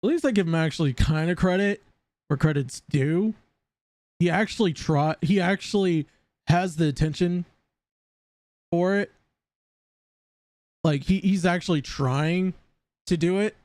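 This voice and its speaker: A man's voice: sits high, unhurried, pauses often, darkish tone, dry recording. Stammering, rambling male streamer. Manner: rambling, stammering, repeats words. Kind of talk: casual live-stream commentary.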